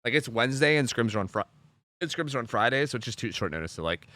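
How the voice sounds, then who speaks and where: A man's voice: medium pitch, expressive, quick pace, sharp tone, no echo. A young man streaming and chatting casually, rambling with lots of fillers and casual swearing. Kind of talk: casual chat on a game stream.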